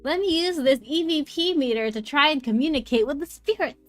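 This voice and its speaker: A panicking trucker who hunts ghosts yells about losing control of his truck, with a woman hamming him up. The delivery is hammy and frantic, pitched fairly high. Faint background music plays. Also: brisk, dry recording, natural voice.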